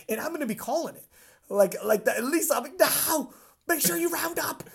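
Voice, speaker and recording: A woman with a somewhat high voice tells a story in a casual chat. She is animated and profane and acts out her own reactions as she goes. Her talk stays loose and unscripted. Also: fairly quick, vocal fry. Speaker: podcast host and powerlifting commentator.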